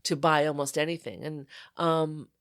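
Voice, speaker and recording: An older woman from Long Island's North Fork, a podcast guest telling rambling, animated stories about her school years with many restarts. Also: deep voice, moderate pace, smooth, no echo, clean studio sound. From North Fork of Long Island, New York. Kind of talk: reminiscing conversational interview.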